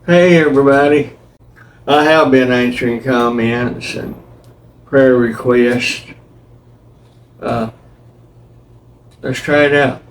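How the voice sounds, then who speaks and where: Slow folksy Kentucky man, off-mic. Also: mid-range voice, fairly even intonation, recorded from a distance, a little hiss or hum, low-quality recording. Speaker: host's husband, taste tester.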